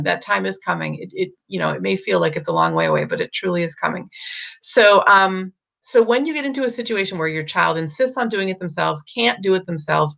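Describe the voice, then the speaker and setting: A middle-aged woman talks parents through a problem in a casual, unscripted way, stopping often with ums and restarting her sentences. Her voice sits low with a gravelly fry. The recording sounds dull and lo-fi. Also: fairly bright tone. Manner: thinks aloud with many ums and restarts. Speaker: parenting coach. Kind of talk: casual advice talk.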